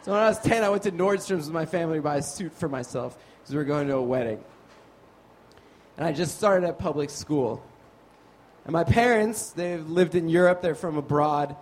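A stand-up comedian from Nevada rambles through a childhood story in a high voice, mocking himself as he goes. His delivery is loose and halting, full of asides. Faint noise runs behind him.

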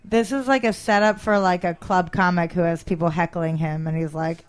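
A woman's voice: on the low side, fairly even intonation, normal speed, smooth. A woman comedian as a guest in a casual interview, rambling and self-deprecating about her jokes.

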